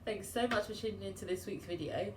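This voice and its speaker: A woman's voice: mid-range voice, brisk. A bubbly, chatty woman with a British accent, hosting a casual baking vlog Q&A. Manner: bubbly, chatty, laughs often. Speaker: home baker and vlogger. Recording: roomy echo with background noise.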